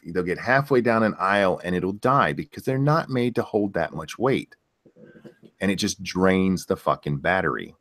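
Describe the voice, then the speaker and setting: A man with a very deep, low voice hosts a casual live stream. He reads out viewer questions and answers in blunt, profane rants. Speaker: stream host.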